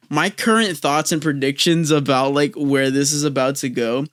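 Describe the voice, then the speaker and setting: A man's voice: on the high side, normal speed, clean tone, no room sound, clean studio sound. A young man hosting a casual, comedic anime review, rambling and joking with lots of fillers. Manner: jokey, rambling, many fillers.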